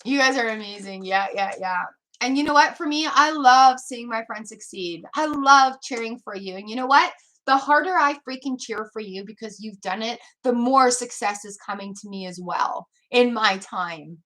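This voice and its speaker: Bright chatty woman tarot reader. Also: fairly high pitch, moderate pace. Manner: chatty, laughs often, lively. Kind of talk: live-stream tarot reading and chat.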